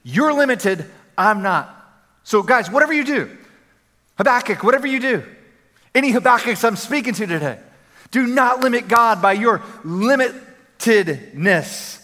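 A man preaching a sermon as a pastor, energetic and conversational, repeating phrases for emphasis. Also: extremely high pitch, unhurried. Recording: long hall reverb.

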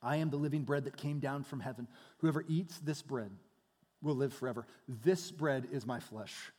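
A man preaching a sermon, shifting between hushed, quiet passages and loud, animated storytelling. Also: medium pitch, normal speed. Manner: dynamic preaching, dropping to hushed tones then rising loud. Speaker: pastor. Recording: long hall reverb.

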